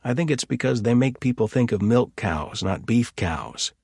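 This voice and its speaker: A man's voice: medium pitch, expressive, normal speed, darkish tone, breathy edge, no room sound, clean studio sound. A man voicing an enthusiastic, long-winded rancher in a storybook reading. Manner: chatty, enthusiastic, over-explaining.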